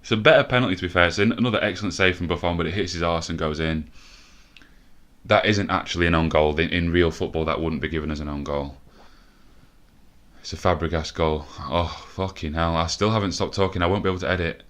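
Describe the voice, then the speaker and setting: A young man commentating a football video game live, a bit out of breath and swearing often, shouting when the action peaks. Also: deep voice, steady tone, fast talker. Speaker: gaming commentator.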